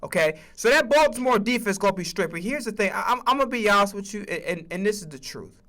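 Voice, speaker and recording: A man's voice: sits high, lively intonation, fast, sharp tone. A man streaming a casual sports rant, emphatic and profane, often stammering on restarts.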